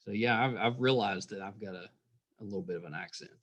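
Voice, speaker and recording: A middle-aged man with a West Virginia accent, hosting a casual podcast interview, friendly and quick to laugh. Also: fairly low pitch, a bit bright, muffled recording. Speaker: podcast host.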